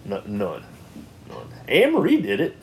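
A man telling a family story in casual podcast chat, lively and playful. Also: medium pitch, measured pace, a little hiss or hum. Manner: animated storyteller, acts out voices.

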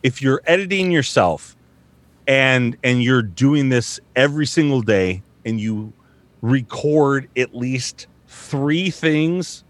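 A man in his thirties who works as a voice actor, chatting casually in a rambling, profane, self-mocking way. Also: mid-range voice. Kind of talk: casual podcast chat. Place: home studio.

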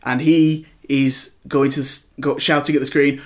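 A young man hosting a podcast, chatting casually and telling an animated story with mimicked outbursts. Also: mid-range voice, unhurried, few pauses. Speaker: podcast host. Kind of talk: casual chat.

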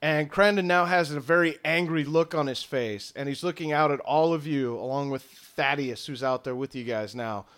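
A man's voice: on the high side, fairly bright tone, clean tone. Man narrating as game master. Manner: descriptive, unhurried narration with fillers.

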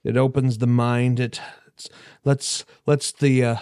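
A man co-hosting a casual podcast, joking in a laid-back way with drawn-out pauses. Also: mid-range voice, level tone, darkish tone, smooth, no echo, studio quality. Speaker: podcast co-host.

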